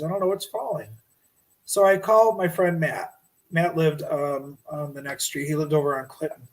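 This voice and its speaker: A middle-aged man telling a paranormal story as a podcast guest, lively and animated, acting out his own shouts. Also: a little high, moderate pace, poor audio.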